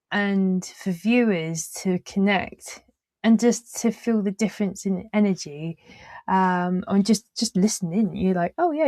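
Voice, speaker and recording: A woman's voice: mid-range voice, darkish tone, no room sound. A woman hosting a casual interview, talking in meandering, trailing sentences with frequent fillers and easy laughs. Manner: laughs easily while talking. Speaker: podcast host.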